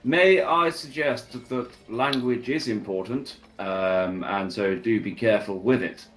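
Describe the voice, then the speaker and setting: A man's voice: fairly low pitch, a little slow, a bit bright. A man playing a tabletop game, talking in a formal, mock-stern lecturing way in character. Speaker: tabletop player voicing a gnome.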